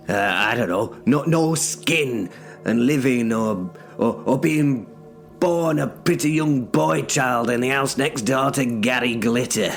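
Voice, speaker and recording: A man's voice: medium pitch, creaky. A man narrating in first person as a bitter cursed sorcerer stuck in menial work, sardonic and sweary in an audio drama.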